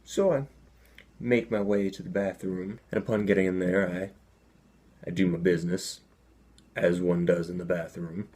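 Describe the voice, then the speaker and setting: Husky man telling a funny story. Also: sits low, moderate pace, long pauses. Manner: animated, deadpan asides. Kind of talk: comedic personal storytelling.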